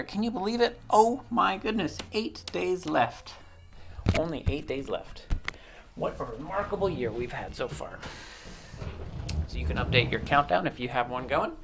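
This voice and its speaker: A woman's voice: fairly low pitch, vocal fry, background noise. A woman teaching young children, leading phonics drills in a sing-song, encouraging way and stretching out the words. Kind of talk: online classroom lesson for young children.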